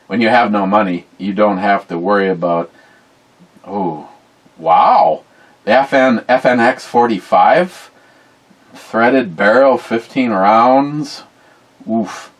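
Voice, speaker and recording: A man's voice: fairly low pitch, poor audio. A man, hosting a livestream in casual chat and reading out viewer comments in a rambling, blunt way with free swearing. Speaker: livestream host.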